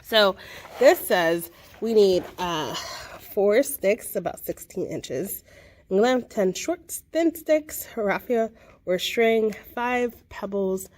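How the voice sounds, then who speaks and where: A young adult woman, a children's librarian, hosts a casual craft video, walking kids through a simple project. Her mid-range, darkish voice is expressive and slow, and her manner is chatty and encouraging, full of fillers.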